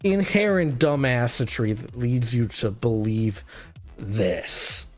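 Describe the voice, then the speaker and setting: A drunk streamer hosts a casual late-night chat in a slow, drawn-out, middling-pitched voice. They ramble, swear and trail off, hiccuping now and then, with faint music under the talk. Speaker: streamer host.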